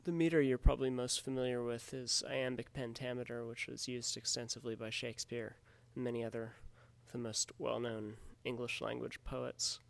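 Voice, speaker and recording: A man with a gravelly voice talks through a lesson in a measured, explanatory way. He sounds like he is reading from a prepared script for his class. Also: mid-range voice. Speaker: teacher.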